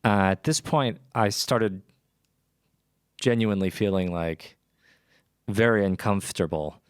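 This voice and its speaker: A man's voice: fairly low pitch, unhurried, clean tone, no room sound, clean studio sound. A young man telling a personal story in a rambling, casual way with lots of restarts. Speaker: podcast host.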